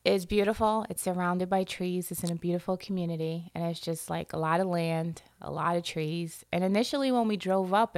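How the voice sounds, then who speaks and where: Gravelly-voiced woman telling stories. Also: fairly low pitch, no room sound. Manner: lively storyteller who acts out other people's voices. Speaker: podcast co-host. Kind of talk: casual chat.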